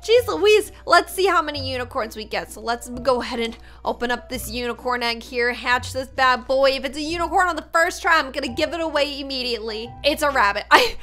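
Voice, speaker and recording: A woman giving excited, dramatic gameplay commentary as a YouTuber, often mocking herself. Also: high-pitched, brisk, few pauses. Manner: animated, dramatic, self-mocking. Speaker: gaming YouTuber.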